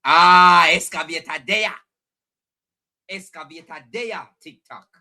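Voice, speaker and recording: A man's voice: sits high, slow pace. A man with a Jamaican accent hosting a live stream, chatting animatedly to his viewers and repeating his points. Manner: animated, repeats phrases, talks directly to chat viewers. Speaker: livestream host.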